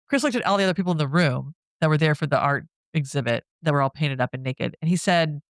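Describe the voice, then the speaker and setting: A woman's voice: low voice, fast, no echo. Laughing woman recapping a horror movie. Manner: laughs often while retelling a plot, animated. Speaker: podcast co-host. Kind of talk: casual movie recap chat.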